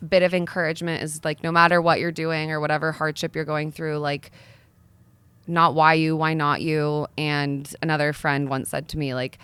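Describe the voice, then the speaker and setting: Young woman, interview guest, earnest, persuasive, slightly low voice, dry close recording. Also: flat delivery, normal speed, a bit bright, clean tone, no echo. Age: young adult. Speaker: guest, nonprofit founder. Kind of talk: sit-down interview conversation.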